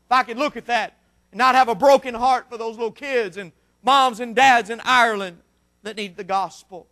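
A man preaching a sermon in a strikingly high voice with a bright, forceful edge. He hammers repeated phrases and climbs into shouts. He speaks as a missionary pleading with his church. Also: steady tone, normal speed. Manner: impassioned, repetitive preaching cadence with shouted peaks.

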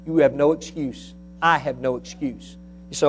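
A man's voice: on the high side, moderate pace, a little mellow, breathy edge. A male pastor preaching a sermon in a church, building to emphatic bursts and asking rhetorical questions.

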